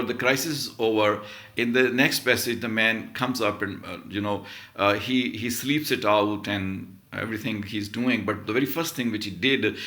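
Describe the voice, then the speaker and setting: Man lecturing on literature, bright voice. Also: fairly low pitch. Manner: reads passages aloud, then explains them with emphatic repetition. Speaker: literature professor. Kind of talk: lecture on a short story.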